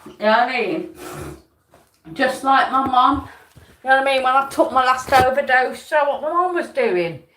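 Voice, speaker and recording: A woman's voice: high-pitched, lively intonation, moderate pace, fairly bright tone, a little hiss or hum. A woman in an angry, swearing live-stream rant, repeating herself and making threats.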